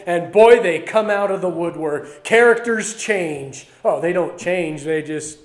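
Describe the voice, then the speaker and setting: A man with a notably high voice, preaching a sermon. He reads a passage aloud, then talks it through in a conversational tone, pushing some words out loudly and dropping others to near a murmur. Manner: conversational, swings between loud emphasis and quiet asides. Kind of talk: sermon, reading scripture and commenting.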